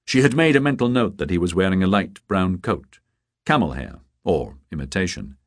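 Male audiobook narrator, low voice, expressive, dry studio sound. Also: dry recording. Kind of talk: scripted narration.

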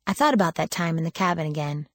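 A woman's voice: sits low, fast, no room sound, clean studio sound. A woman reading a first-person audiobook in a wry, sardonic storytelling manner, lifting her voice for quoted lines. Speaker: audiobook narrator.

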